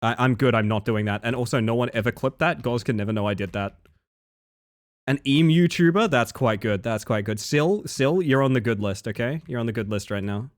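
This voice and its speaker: A man's voice: medium pitch, brisk, no echo, clean studio sound. A young Australian man streaming live, rambling and joking with his chat and swearing freely.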